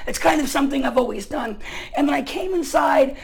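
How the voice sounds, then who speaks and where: High-voiced gravelly male pastor. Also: brisk, low-quality recording. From United States. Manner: casual and chatty, many fillers, bursts of loud emphasis. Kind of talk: storytelling sermon.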